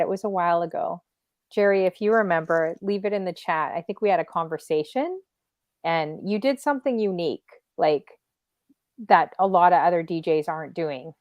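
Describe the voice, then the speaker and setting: A woman with a Canadian accent hosting a casual livestreamed interview, chatty and quick to laugh. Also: on the low side, a little mellow, dry recording, lo-fi sound. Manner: chatty, laughs easily, reads chat aloud. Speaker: talk show host.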